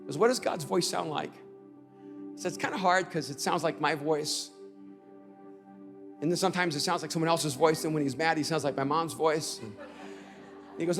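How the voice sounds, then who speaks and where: High-pitched guy preaching at a conference, gets loud and emphatic, faint music behind. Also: a little fast, big-room sound. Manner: builds from conversational storytelling to shouted crescendos. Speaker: pastor. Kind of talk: conference sermon.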